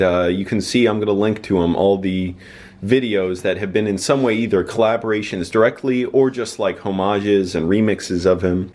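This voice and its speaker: Lowish-voiced man, casual YouTuber, rambles through his thoughts. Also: darkish tone. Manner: rambling, many fillers and restarts. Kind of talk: casual talk to camera.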